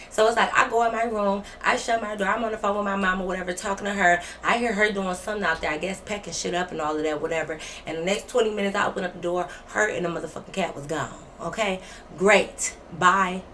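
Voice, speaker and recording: A woman's voice: medium pitch, fairly bright tone, a little hiss or hum. Blunt, profane young woman telling a story. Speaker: vlogger. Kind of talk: casual storytime.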